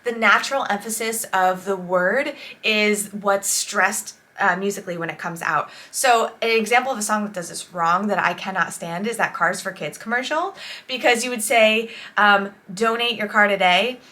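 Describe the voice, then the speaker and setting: A woman's voice: mid-range voice, normal speed, bright, forceful tone. A woman songwriter reacting to an album in casual, enthusiastic commentary, explaining songwriting tips as she goes.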